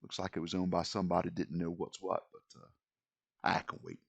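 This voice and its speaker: Man playing a blunt firearm-savvy woman, folksy, low voice, gravelly. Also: level tone, a little fast. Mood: admiring.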